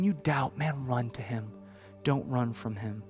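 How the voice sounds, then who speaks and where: A man in his thirties preaching a sermon, with a storytelling delivery that swings from hushed to loud. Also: mid-range voice, normal speed, few pauses, soft background music. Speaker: pastor.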